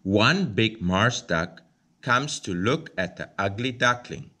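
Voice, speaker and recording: A man reading a children's picture book aloud, slow, clear and expressive. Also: lowish voice. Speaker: storybook reader.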